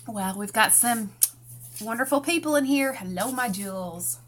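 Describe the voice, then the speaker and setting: Speaking with a Southern US country accent from Tennessee, this craft channel host chats folksily through a live tutorial and welcomes viewers by name. Her fairly high voice is expressive and moves at a normal speed over a noisy background.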